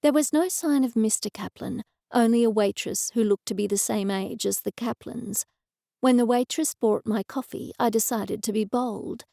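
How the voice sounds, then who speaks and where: A woman narrating a cozy mystery audiobook in the first person, with even, measured storytelling. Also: fairly high pitch, gravelly, dry recording, studio quality.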